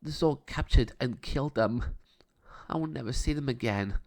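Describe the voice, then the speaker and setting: A gentle young woman with a soft, sweet voice that sits well above a man's usual pitch, as a male storyteller puts her on. She speaks kindly and tenderly, and her words stay light and delicate. Her voice comes from a calm storybook reading. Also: moderate pace, close to an everyday voice. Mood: grieving.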